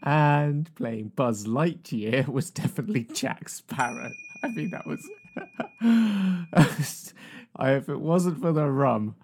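A man casually hosting a party game, laughing often and tossing quick asides. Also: on the high side, lively intonation, gravelly, a little mellow, a little hiss or hum. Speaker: game host.

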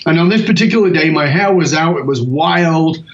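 A British man in his sixties, a guest telling animated stories and acting out the other people in them. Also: on the high side, moderate pace. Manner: animated anecdotes, acts out quoted voices. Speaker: guest speaker. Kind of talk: storytelling in an interview. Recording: roomy, dull lo-fi audio.

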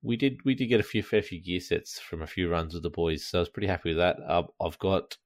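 A man co-hosting a casual gaming podcast, chatty, laughing often and filling pauses with ums. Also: sits low, no echo, clean studio sound. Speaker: podcast co-host.

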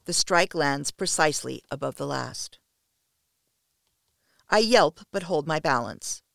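A woman narrating an erotic story in the first person, in a steady, intimate storytelling manner. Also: sits low, takes it slowly, creaky, no echo, clean studio sound.

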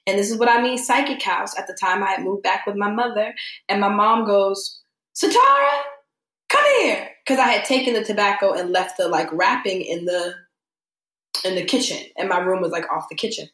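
A woman's voice: medium pitch, brisk, echoey room. A young adult woman telling a story in casual chat, acting out the voices of the people she quotes. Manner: animated, acts out quoted voices. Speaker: podcast guest.

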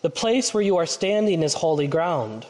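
A man's voice: fairly high pitch, very animated, moderate pace, a little mellow. A man voicing a commanding, thundering God from a burning bush, reading a children's storybook aloud in a church. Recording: reverberant church hall.

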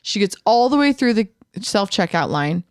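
A middle-aged woman hosting a podcast, telling a story in casual chat, animated and profane, acting out the people she quotes. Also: medium pitch, moderate pace, clear, resonant tone, dry recording, studio quality. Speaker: podcast host.

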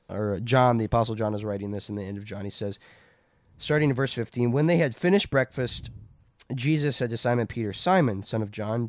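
A man's voice: mid-range voice, a little mellow, no room sound. A man reading Scripture aloud and then explaining it in an earnest, conversational way. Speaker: Bible teacher. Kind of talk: casual Bible reading and discussion. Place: lives in North Dakota.

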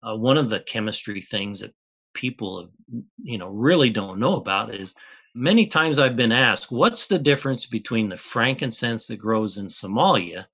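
A man's voice: fairly low pitch, expressive, moderate pace, a bit bright, breathy edge, muffled recording. A man, a chemist guest on an interview, patiently explaining step by step in plain words.

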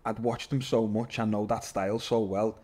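Lively man telling stories. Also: on the low side, normal speed, husky. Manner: animated, swears, says "lad" constantly. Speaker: podcast guest, MMA fighter. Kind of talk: casual storytelling interview.

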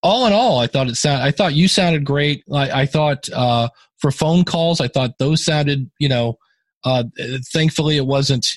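A man's voice: fairly high pitch, unhurried, no room sound. A man co-hosting a podcast, giving casual feedback on a show in a rambling way, full of fillers and restarts. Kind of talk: casual chat.

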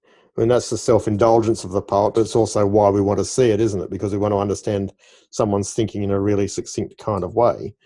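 A man's voice: lowish voice, level tone, quick pace, dark tone. A man interviewing a guest, chatty and playful, telling anecdotes between questions. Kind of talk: interview conversation.

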